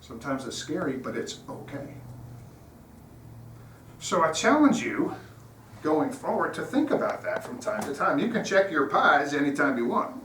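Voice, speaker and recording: A man's voice: fairly high pitch, big pitch swings, moderate pace, fairly bright tone. A man giving an informal sermon as a guest speaker, talking earnestly and conversationally, telling stories. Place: church sanctuary. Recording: roomy hall, distant mic, faint noise.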